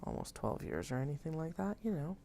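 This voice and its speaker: A woman's voice: low-pitched, very animated, fairly quick, creaky, noisy background. A woman in her thirties chatting casually and thinking aloud while she sews on a live stream at home, self-mocking and talkative. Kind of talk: casual chat while working.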